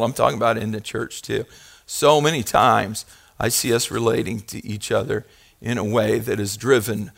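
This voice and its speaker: A man preaching a sermon as pastor, moving from quiet asides to loud, fervent passages and asking the congregation questions. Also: fairly low pitch, vocal fry. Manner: talks directly to the congregation with questions.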